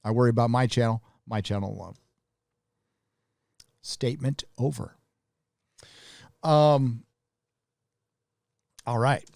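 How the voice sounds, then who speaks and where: A man hosting a live stream, ranting bluntly and profanely in a casual, halting way. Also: medium pitch, vocal fry, a little mellow, no echo, clean studio sound. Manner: casual, with restarts.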